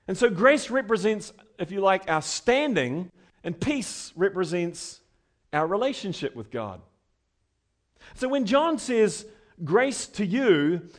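With a high voice, a male pastor preaches conversationally, building up to emphatic points before falling quiet.

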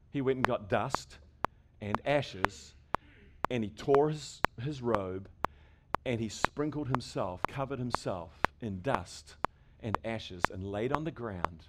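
A man, a pastor, preaching an emphatic sermon to a congregation and asking it rhetorical questions. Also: mid-range voice. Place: church service before a congregation. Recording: loud background noise with clicks.

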